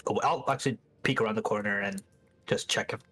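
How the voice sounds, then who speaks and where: A man's voice: on the low side, quick pace, a bit bright, a little hiss or hum. A man playing a tabletop game, talking casually about his moves and often restarting his sentences. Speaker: player.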